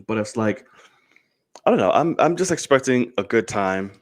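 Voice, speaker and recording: A man hosting a live movie podcast, chatting casually and cursing freely with animated asides. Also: medium pitch, normal speed. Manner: loose and swearing, animated asides. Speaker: podcast host.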